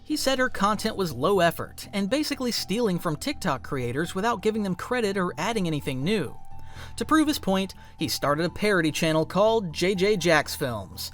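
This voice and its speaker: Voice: medium pitch, big pitch swings, normal speed, fairly bright tone, soft background music. A narrator reading a scripted online documentary in a punchy, conversational storytelling manner.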